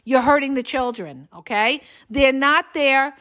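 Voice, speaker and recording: A woman's voice: high voice, expressive, unhurried, fairly bright tone. A middle-aged woman hosting a podcast, talking bluntly and with emphasis as she keeps checking in with "okay?". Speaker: podcast host and relationship coach. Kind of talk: casual monologue.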